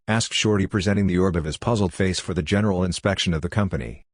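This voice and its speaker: Man, audiobook reading, low voice, dry close sound. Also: fast talker, no room sound. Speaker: audiobook reader. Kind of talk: reading a novel aloud.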